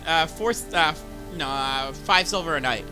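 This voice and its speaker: A man's voice: a little high, moderate pace, music in the background, close to an everyday voice, rough recording. A man voicing a wary male dragonborn innkeeper who haggles hesitantly over room prices. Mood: bargaining.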